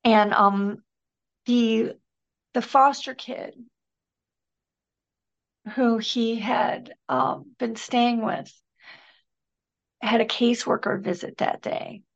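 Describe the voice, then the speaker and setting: Podcast guest: middle-aged woman, earnest and halting, raspy-edged high voice, muffled remote recording. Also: steady tone. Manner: earnest, halting, emotional recounting. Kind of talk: personal storytelling in a conversation.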